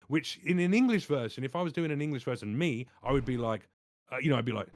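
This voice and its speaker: A man's voice: on the high side, fast talker, no echo. Guy voice actor telling stories on a podcast, swears a lot, dry close mic. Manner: animated storyteller, swears freely. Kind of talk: casual chat.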